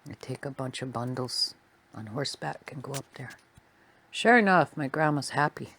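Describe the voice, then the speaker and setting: A woman telling a personal story in a soft, quiet, unhurried way. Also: very deep voice.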